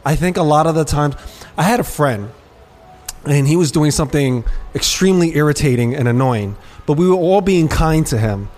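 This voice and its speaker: Male podcast host with a slightly raised pitch; candid, rambling storyteller with frequent restarts. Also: lively intonation, moderate pace, darkish tone. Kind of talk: casual chat.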